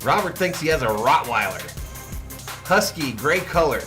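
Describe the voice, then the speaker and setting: A man's mid-range voice, at a moderate pace over music, leads a live watch party for fans. He does the play-by-play, jokes around with chat, and reads names aloud in an animated way.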